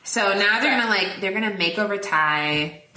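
A woman co-hosting a podcast, recapping a film in casual chat, quoting characters in quick voices and laughing often. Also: mid-range voice, pushed and bright, reverberant, slight background noise. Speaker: podcast co-host.

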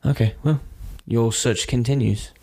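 A man's voice: medium pitch, fairly even intonation, measured pace, over a noisy crowd, lightly acted. Unimpressed elf woman archer, brusque; man voicing, no disguise. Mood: dismissive. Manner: brusque, dismissive. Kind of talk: tabletop role-play voice.

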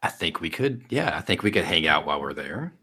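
Guy doing a shy teen girl, super awkward, low voice, stumbles. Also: sing-song, sharp tone, slightly rough, exaggerated voice. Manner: halting, awkward, repeating himself. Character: shy teenage girl student.

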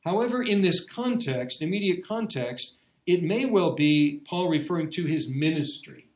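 A man's voice: a little high, lively intonation, moderate pace, echoey room, rough recording. A man preaching an expository sermon, earnest, repeating key phrases for emphasis. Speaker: pastor.

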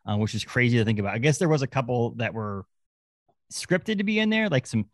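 A man co-hosting a podcast in casual chat, rambling and animated, often restarting his sentences. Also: mid-range voice, fairly quick, no room sound. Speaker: podcast co-host.

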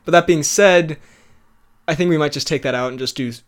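A podcast co-host with a fairly high, fairly quick voice talks eagerly about movies in casual chat. He's chatty and laughs often, trailing off and starting over.

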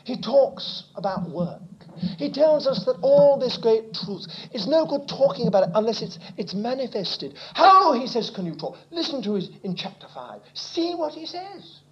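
Animated high-voiced male preacher. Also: normal speed. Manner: animated preaching, dropping to near-whispers and rising to exclamations. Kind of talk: sermon. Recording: muffled lo-fi recording.

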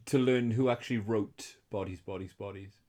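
A man's voice: fairly low pitch, fairly even intonation, normal speed, mellow. A man co-hosting a podcast, making dry, wry comments in casual chat. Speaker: podcast co-host.

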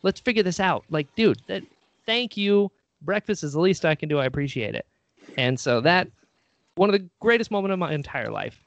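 A man's voice: sits high, expressive, a little fast, gravelly, no room sound, muffled recording. A man telling a story in casual chat, animatedly acting out what people said.

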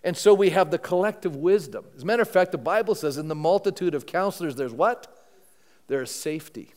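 A man's voice: high voice, very animated, a little fast, a little mellow. A male pastor preaching a sermon to a congregation in a church, talking conversationally and often asking the room rhetorical questions. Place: church sanctuary before a congregation. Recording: long reverb of a large hall.

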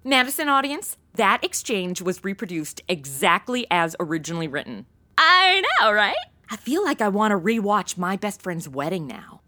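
A woman's voice: medium pitch, animated, normal speed, hardly any pauses, sharp tone. A woman giving sassy, wisecracking comedic commentary as a co-host. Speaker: comic co-host.

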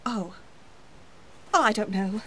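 A woman's voice: mid-range voice, takes it slowly, a little hiss or hum, close to an everyday voice. A woman playing a fussy, indecisive colleague in a comedy sketch, questioning and indignant. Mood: fretful.

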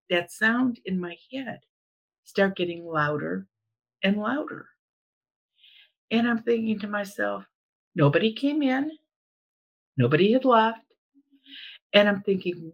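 Middle-aged woman, casual storytelling, lively rising and falling pitch, acts out quotes. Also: a little slow, long pauses, muffled recording. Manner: animated, acts out quoted voices. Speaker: storyteller guest. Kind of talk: casual chat, telling a story.

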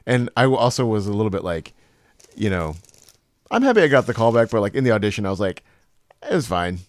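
A man with a low voice chats casually as a podcast co-host, his pitch rising and falling with lively swings. He tells animated stories. The sound is dry and close, with no room echo. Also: fast talker. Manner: animated storytelling, puts on accents from scripts. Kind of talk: casual chat.

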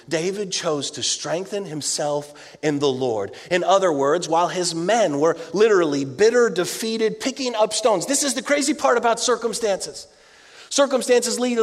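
A man preaching a sermon, swinging between loud outbursts and hushed, low delivery. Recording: long hall reverb.

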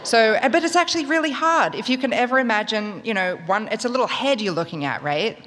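A woman's voice: fairly high pitch, animated, fast talker, fairly bright tone, in a large hall. A woman telling a true story live, in a wry, conversational, self-mocking way. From Australia.

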